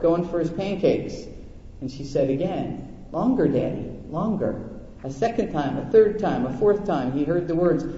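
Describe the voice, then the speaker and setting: High-voiced male pastor in an echoey hall. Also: mellow. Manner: storytelling, folksy and conversational. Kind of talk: sermon. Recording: echoey hall, dull lo-fi sound.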